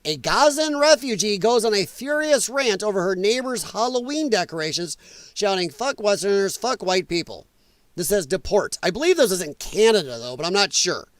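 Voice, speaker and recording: Guy hosting a podcast, ranting hard and swearing, kinda high voice, dry mic. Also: expressive, moderate pace, dry recording. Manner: angry, blunt, profane. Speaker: podcast host. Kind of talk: ranting news commentary.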